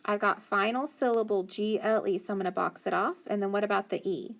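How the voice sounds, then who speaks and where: A woman teaching a phonics lesson to children, slowly sounding out letters and praising answers. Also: mid-range voice, fairly even intonation, gravelly. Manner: slow, encouraging, sounds out letters.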